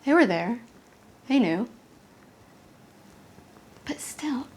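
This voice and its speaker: A young adult woman performing a confessional comedy monologue, intense and halting, with an emotional delivery. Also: high voice, lively intonation, darkish tone, husky. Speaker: solo comedian. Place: apartment.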